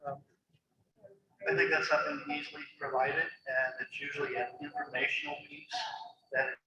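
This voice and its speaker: A man chairing a town budget hearing, answering questions in a measured, formal way with many pauses. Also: fairly high pitch, steady tone, far from the mic, dull audio, a crowd in the background. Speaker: board of finance chair. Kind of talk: public meeting remarks. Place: town meeting room. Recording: echoey hall, noisy.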